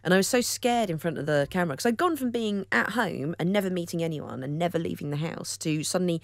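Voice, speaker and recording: A woman from Wolverhampton, a guest on a radio show, chatting in a lively, quick, self-mocking storytelling way. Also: on the low side, no room sound. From Wolverhampton, England. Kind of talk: casual radio interview chat. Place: radio studio. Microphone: studio microphone.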